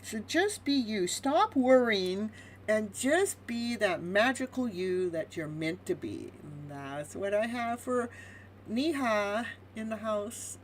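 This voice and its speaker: A woman hosting a live tarot reading, chatty and animated, laughing often as she talks to her viewers. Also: medium pitch, slow, a little hiss or hum, low-quality recording. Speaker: tarot reader.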